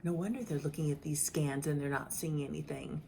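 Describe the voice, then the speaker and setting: A woman's voice: low voice, fairly even intonation, brisk, gravelly, dark tone, slight background noise. A middle-aged woman giving a casual, upbeat vlog update from home. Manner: chatty, upbeat, cooing baby talk to a cat. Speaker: vlogger sharing her health journey. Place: home, indoors.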